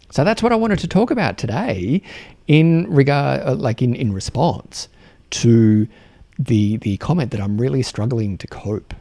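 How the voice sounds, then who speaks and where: A man with an Australian accent hosting a solo podcast, talking earnestly and haltingly with many restarts and repeated words. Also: medium pitch, warm tone, dry recording. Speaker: podcast host.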